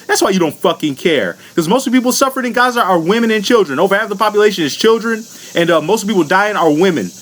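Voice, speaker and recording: A man from the United States vents in a furious, foul-mouthed monologue on his own channel. His voice sits somewhat high for a man, and he talks bluntly, piling up curses without holding back. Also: a bit bright. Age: adult. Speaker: vlogger. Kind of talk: angry political rant.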